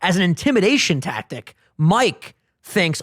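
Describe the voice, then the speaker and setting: A man co-hosting a podcast, telling a story in a casual chat, animated and swearing a lot. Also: sits high, normal speed, no echo, studio quality. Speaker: podcast co-host. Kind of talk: casual chat, retelling a TV scene.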